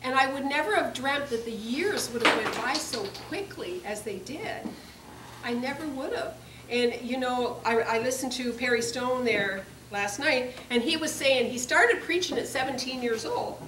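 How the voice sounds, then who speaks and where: A woman's voice: high voice, lively intonation, normal speed. A woman giving a personal testimony sermon, earnest and confessional, repeating phrases for emphasis. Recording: echoey room, distant mic, faint hiss.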